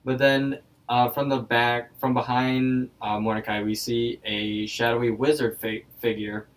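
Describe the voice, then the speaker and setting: A man's voice: medium pitch, level tone, measured pace, far from the mic, poor audio. A man co-hosting a podcast, chatting through a story and leaning on "like" as filler. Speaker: podcast co-host. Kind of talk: casual episode recap.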